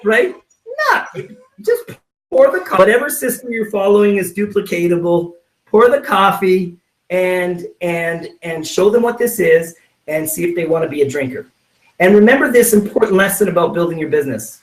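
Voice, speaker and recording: A man's voice: high-pitched, normal speed. A man giving a motivational sales training talk, acting out little scenes and checking in with "right?" from his home office. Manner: animated, acts out little scenes, keeps asking "right?". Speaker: network marketing trainer. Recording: roomy sound, mic at a distance.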